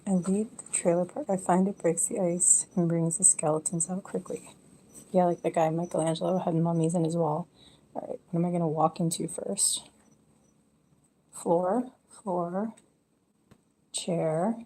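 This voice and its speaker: A woman's voice: fairly low pitch, steady tone, a little slow, mellow. A woman chatting casually and candidly on a live stream from home, rambling from one thing to the next. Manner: rambling, candid, drifts into whispers at times. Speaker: livestreamer.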